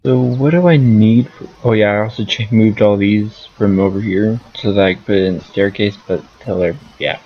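Streamer, male, low gravelly voice, thinks aloud as he plays; muffled lo-fi audio, soft music bed. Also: normal speed. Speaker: gaming streamer. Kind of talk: casual gameplay commentary.

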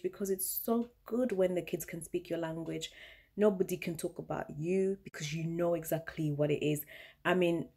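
A woman's voice: sits low, a little mellow, husky. A young woman from Uganda with a British South London accent, chatting playfully in a casual vlog and laughing often. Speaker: vlogger.

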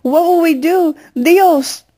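A woman's voice: extremely high pitch, slow pace, dark tone, pitched above the performer's own voice. A woman reading a novel aloud, voicing a grieving mother who pleads and wails. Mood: wailing. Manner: pleading, wailing. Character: grieving, frantic middle-aged mother.

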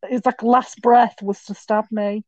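A young woman telling stories in a casual podcast chat, with quick asides and restarts. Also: a little high, steady tone, a little mellow, no room sound, dull audio. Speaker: podcast guest.

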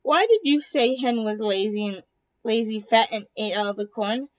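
A woman's voice: fairly high pitch, moderate pace, lightly acted. A woman voicing a blunt barnyard turkey in a read-aloud storybook, talking in an accusing way.

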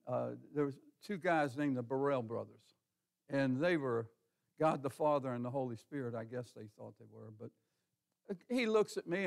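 A pastor with a medium-pitched, creaky voice delivers a folksy, conversational sermon in a church sanctuary. He speaks colloquially, saying "ain't," asks the congregation questions, and calls on people by name.

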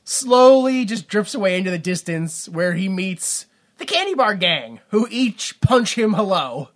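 A man co-hosting a comedy podcast, with a bright, forceful voice that swings widely in pitch. He rambles and jokes through a movie recap, laughing and slipping into silly voices. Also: lively intonation, a little slow. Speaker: podcast co-host.

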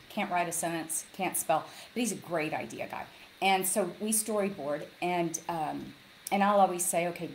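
A woman author chatting as a guest, telling animated stories and acting out what people said, speaking over a video call from a log cabin lodge. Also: sits low, slight background noise, rough recording. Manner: animated storyteller, acts out quotes. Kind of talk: casual interview chat.

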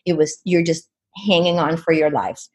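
A woman's voice: sits low, moderate pace. A woman guest in an interview, earnestly retelling a personal experience with many "you know"s. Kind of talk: personal storytelling.

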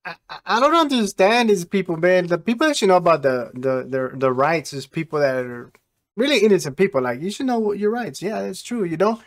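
A man's voice: sits high, expressive, fairly quick. A man hosting a reaction video, chatting casually and asking incredulous rhetorical questions.

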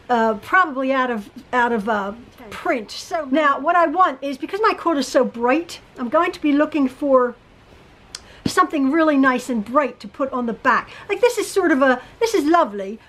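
Woman quilting teacher, high voice, chatty and rambling, home sewing room. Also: fairly bright tone, poor audio. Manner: chatty, rambling, with frequent restarts and fillers. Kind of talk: casual tutorial chat.

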